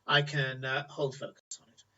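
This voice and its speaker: A man voicing a wealthy tiefling gentleman merchant, breezy and self-assured, on a distant, muffled recording. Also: medium pitch, flat delivery, moderate pace.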